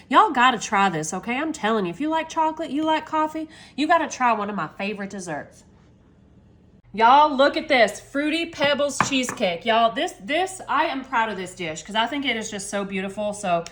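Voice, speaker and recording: A woman, chatting excitedly to viewers as she serves desserts in a casual cooking video. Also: on the high side. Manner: excitable, talks to viewers as "y'all". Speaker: home cooking vlogger.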